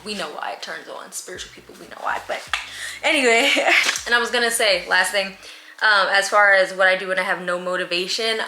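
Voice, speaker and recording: A woman's voice: medium pitch, pushed and bright, slight background noise. A young woman vlogging at home, answering viewer questions in a candid, chatty way with slang and laughs. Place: room at home with a fan. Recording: echoey room.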